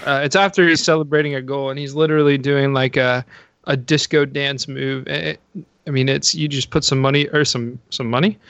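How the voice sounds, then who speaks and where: A man co-hosting a casual podcast, enthusiastic and halting with restarts. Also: medium pitch, fairly even intonation, fairly bright tone, no echo. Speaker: podcast co-host. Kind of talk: casual chat.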